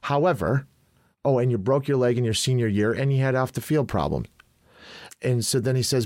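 A man's voice: mid-range voice, a little fast, no echo, studio quality. A man from Chicago hosting a podcast, telling a story in casual chat, acting out quotes with laughs. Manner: animated, laughing storyteller who acts out quotes. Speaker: podcast host.

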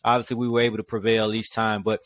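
Energetic male podcast host, dry sound. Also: lowish voice, quick pace, dry recording. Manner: lively, asks rhetorical questions. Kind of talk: casual sports podcast talk.

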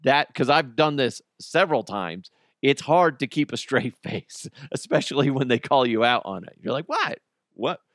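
A man hosting a solo podcast, telling stories in a lively way and laughing often. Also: medium pitch, moderate pace, no room sound, clean studio sound. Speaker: podcast host.

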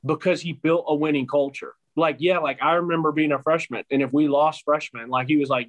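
A man's voice: a little high, fairly even intonation, brisk, low-quality recording. A young man co-hosting a casual chat, rambling and filling his speech with "like". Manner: rambling, heavy use of "like".

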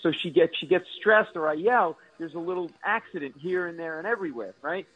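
A male comedian guest telling animated, self-mocking comic stories on a radio show. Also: a little high, brisk, lo-fi sound.

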